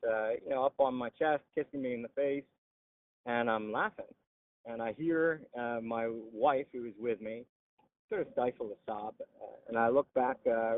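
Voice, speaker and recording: A man's voice: medium pitch, dry recording, narrow, tinny audio. A man telling his own story in an interview, frankly and plainly, with frequent "uh" and "you know". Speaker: interviewee, veteran and dog trainer. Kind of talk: candid personal storytelling.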